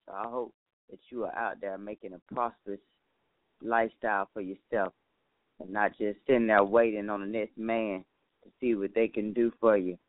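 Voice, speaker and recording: A man's voice: fairly low pitch, little pitch movement, normal speed, no room sound. A man hosting his own talk show in a casual, folksy monologue, chatting to listeners and calling them honey, a little tired. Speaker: show host. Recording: tinny phone-like line, dry.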